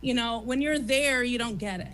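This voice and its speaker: A woman hosting a comedy talk show on a theater stage, ranting in a profane, rapid-fire way. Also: on the high side. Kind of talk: stand-up style chat on stage.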